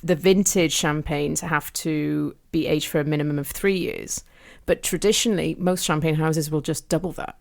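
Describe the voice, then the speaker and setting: A woman hosting a podcast in casual chat, chatty and quick to laugh and correct herself. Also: low voice, fairly even intonation, gravelly. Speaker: podcast host. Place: podcast studio.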